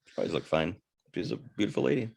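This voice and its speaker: Low-voiced man telling a rambling story. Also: animated, fast talker, vocal fry, a little mellow, breathy edge. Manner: rambling, self-interrupting storyteller with crude humor. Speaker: podcast co-host. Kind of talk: casual storytelling chat.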